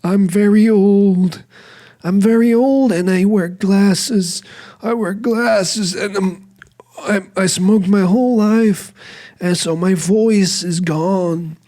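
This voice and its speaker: A man voicing a very old male smoker with a ruined, gravelly voice who talks slowly and complains. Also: high-pitched, mellow, voice pushed up. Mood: doddering. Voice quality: gravelly, worn-out voice. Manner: slow, doddering complaints.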